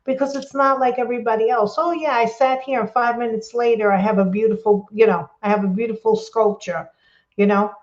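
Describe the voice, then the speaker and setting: A woman hosting a crafting livestream, talking casually and rambling excitedly as she reads viewer comments and apologizes often. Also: mid-range voice. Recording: roomy, dull lo-fi sound.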